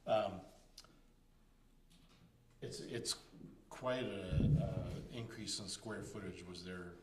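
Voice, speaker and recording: A committee member, a man with a low voice, speaks very slowly. He stumbles politely through his question. The room is echoey, with faint noise. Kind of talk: questions at a formal meeting.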